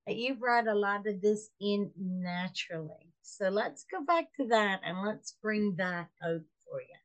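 Slow-speaking woman interviewer. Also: medium pitch, animated. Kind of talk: interview questions.

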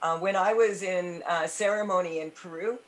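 A woman's voice: fairly low pitch, fairly even intonation, normal speed. A woman hosting a talk radio show, chatting with her guest with plenty of fillers and running the segment breaks. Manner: chatty, uses fillers like "you know" and "um". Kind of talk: casual radio interview.

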